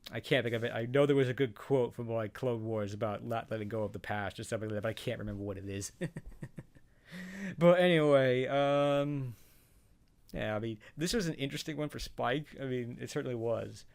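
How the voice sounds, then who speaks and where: Man, gravelly voice, casual rambling commentary, hesitant, chuckles a lot. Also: mid-range voice, moderate pace. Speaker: show reaction vlogger.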